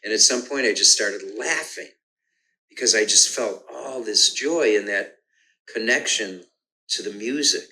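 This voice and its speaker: An older man talks through his musical start in an easy conversational way, breaking off to hum rhythms and restarting his sentences. His voice sits low yet comes across bright and forceful. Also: a little slow, poor audio. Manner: hums and sings rhythms aloud to explain, frequent restarts. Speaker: guest musician. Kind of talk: relaxed conversational storytelling.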